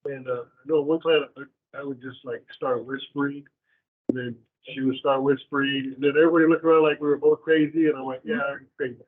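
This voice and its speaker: A man in the class sharing a story, halting and hesitant with fillers. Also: medium pitch, steady tone. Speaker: class participant. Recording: tinny phone-like sound from far off.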